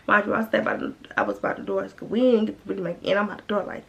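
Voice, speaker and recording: Young woman vlogger, raspy fry, acting out quotes, bit of background hiss. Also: fairly high pitch, very fast. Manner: animated retelling with quoted voices and scat fillers. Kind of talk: casual storytime.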